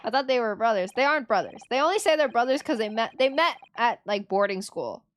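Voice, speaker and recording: Brief: giggly woman streamer, high, casual chat. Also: lively intonation, fast talker, soft background music. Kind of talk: live game stream chat.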